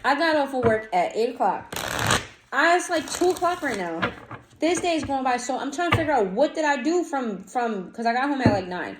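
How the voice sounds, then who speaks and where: A woman's voice: high voice, normal speed. Blunt, swearing woman reading tarot. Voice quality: blunt, swears freely, slangy. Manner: animated, talks straight to viewers. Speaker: tarot reader. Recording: echoey room, faint noise.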